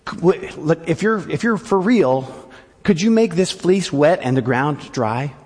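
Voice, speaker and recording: A man preaching acts out a fearful, doubtful man, complaining in a high, whining voice. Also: expressive, measured pace, darkish tone, breathy edge, in a large hall. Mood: sheepish. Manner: high-pitched, complaining whine. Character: whiny, doubtful, fearful grown man Gideon.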